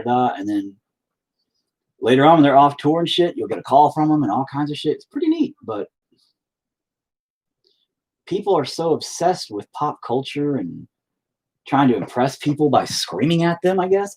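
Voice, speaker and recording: A man's voice: medium pitch, a little mellow, a little hiss or hum. A middle-aged man telling rambling, profane stories in a laid-back way while painting. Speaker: painter and musician streaming. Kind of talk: casual storytelling while painting.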